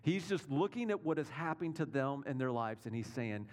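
A man's voice: mid-range voice, expressive, brisk. Conversational male pastor preaching. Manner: conversational, checks in with listeners with rhetorical questions. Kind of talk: sermon.

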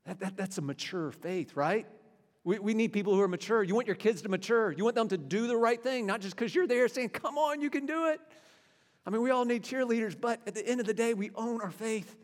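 A man's voice: sits high, fairly quick. A man in his forties preaching a sermon, earnest and conversational, often repeating and restarting his words. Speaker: pastor. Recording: long hall reverb.

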